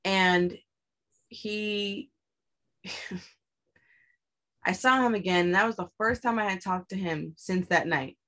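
A young adult woman with a mid-range, somewhat bright voice tells a personal story slowly, leaving long pauses. She's candid and blunt, swears often, and presses her points with emphasis.

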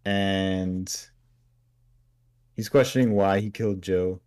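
A man's voice: low-pitched, fairly even intonation, darkish tone. A man co-hosting a podcast, casually recapping a story and briefly acting out characters' lines. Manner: acts out characters' lines in quick put-on voices. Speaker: podcast co-host.

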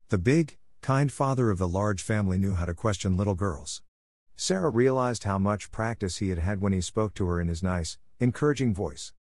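A man narrating a classic children's story in a fairly low voice, recorded close and dry. He reads steadily, in a measured and even way. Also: no echo. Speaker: audiobook narrator. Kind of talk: scripted narration.

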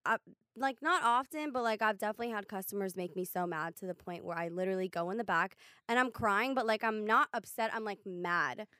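A woman's voice: medium pitch, fairly quick, pushed and bright, no echo, clean studio sound. A young woman co-hosting a podcast, talking bluntly and emphatically, with heavy swearing, as she gives advice. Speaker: podcast co-host. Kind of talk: casual chat, giving advice.

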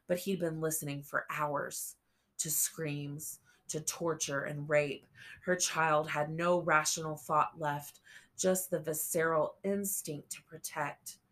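A woman reading a novel aloud as an audiobook narrator, slow and measured. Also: low-pitched, fairly even intonation, a bit bright. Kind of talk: scripted narration.

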